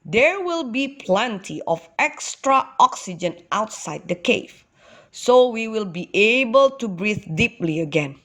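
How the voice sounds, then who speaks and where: A woman voicing a kind, gentle father ox in a children's storybook, speaking slowly. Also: a little high, big pitch swings, full character voice.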